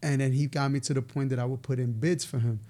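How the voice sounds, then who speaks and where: A man, telling stories in a casual, animated way as a podcast guest, laughing now and then. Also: mid-range voice, quick pace. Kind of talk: casual storytelling interview.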